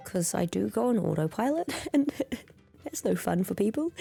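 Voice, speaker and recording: A young woman chatting quietly and giggly with viewers on a home stream, close to the mic, with a throaty, slightly hoarse tone. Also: mid-range voice, very animated, moderate pace, faint music behind. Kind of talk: casual chat with viewers.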